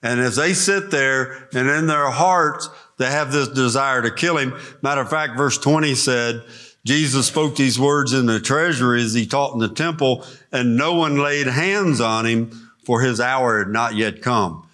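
Bright-voiced man teaching scripture. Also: medium pitch, a little slow. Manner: earnest, emphatic teaching with spoken prayer. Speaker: pastor teaching a Bible study. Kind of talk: expository Bible teaching.

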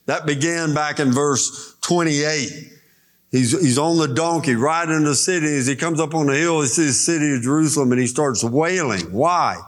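A man preaching a sermon, explaining scripture slowly and deliberately and reading verses aloud. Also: fairly high pitch.

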